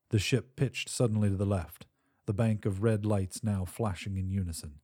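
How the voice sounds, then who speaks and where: Male audiobook narrator, dark and husky, lively pitch, tense dramatic telling. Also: moderate pace, no room sound, clean studio sound.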